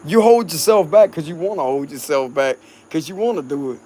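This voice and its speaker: A man's voice: fairly high pitch, brisk, dark tone, a little hiss or hum. Laid-back Cajun man chatting outdoors at night. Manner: laid-back, laughs often, swears freely. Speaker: tarot reader talking to supporters. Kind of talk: casual rambling chat.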